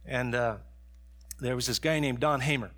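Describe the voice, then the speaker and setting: A middle-aged male pastor preaching a sermon, dropping to soft storytelling and rising to raised, fervent preaching. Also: mid-range voice, moderate pace.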